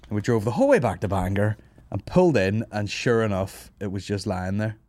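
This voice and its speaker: Sweary Northern Irish man, low and dry. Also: animated, fairly quick, a little mellow, no room sound. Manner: sweary, laughs through his anecdotes. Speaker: podcast host. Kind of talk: casual comedic storytelling. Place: studio office.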